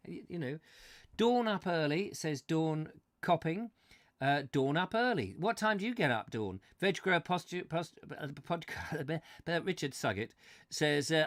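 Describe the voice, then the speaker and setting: A man hosting a comic chat show, rambling and ranting excitably while reading out viewer comments. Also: on the high side, moderate pace, no room sound, studio quality.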